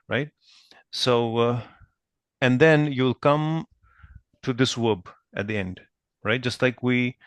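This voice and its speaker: A man teaching Arabic grammar in a patient, repetitive way, often checking with "right?" and spelling out verb forms slowly. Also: medium pitch, a bit bright, no room sound. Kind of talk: online grammar lesson.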